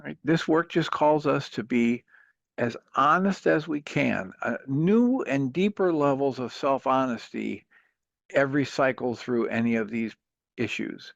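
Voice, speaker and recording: A man's voice: medium pitch, unhurried, gravelly, no echo, highs cut off. Patient male talk show host, dry sound. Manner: earnest, patient, steady counseling. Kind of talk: calm advice on a call-in show.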